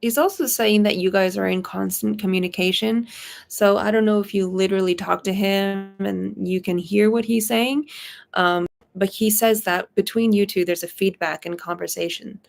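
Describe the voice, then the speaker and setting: A woman's voice: medium pitch, steady tone, normal speed, creaky. A woman psychic medium chatting casually on a live stream, giggly and full of fillers. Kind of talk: live-stream reading chat.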